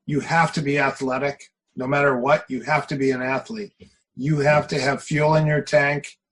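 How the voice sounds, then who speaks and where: A man's voice: mid-range voice, level tone, moderate pace, a bit bright, breathy edge, poor audio. A middle-aged man, a martial arts coach, talking casually in an interview. He tells anecdotes with energy and repeats phrases for emphasis.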